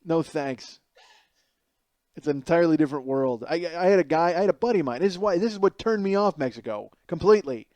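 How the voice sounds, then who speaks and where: A man's voice: on the high side, fast, no room sound. A middle-aged man hosting a podcast, telling a comedic story with lots of swearing and acting out the people he quotes. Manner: profane, animated, acts out quoted people. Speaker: podcast host.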